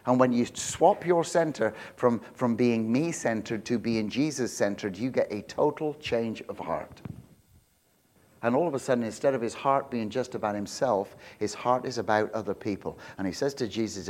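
A man preaching a sermon as pastor. He gets loud and high on emphasis, drops low and quiet for stories, and restarts his words often. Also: fairly quick. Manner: animated, loud and rising on emphasis, with many restarts.

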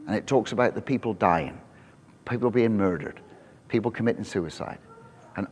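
A man preaching a sermon to a congregation, telling animated stories with frequent restarts. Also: lowish voice. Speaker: pastor. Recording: long hall reverb.

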